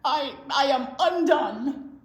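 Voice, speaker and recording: A grumpy male bear bellows in exasperation, loud and indignant, as a woman reading aloud puts him on. His outbursts swing up high in a roomy, echoing space, like a storybook read to children. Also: expressive, slow. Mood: despairing. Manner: loud, outraged exclamations. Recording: roomy echo.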